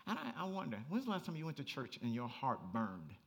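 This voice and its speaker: A man preaching a sermon as pastor, animated and conversational, rising to near-shouts and breaking into laughing asides. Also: medium pitch, a little fast, creaky.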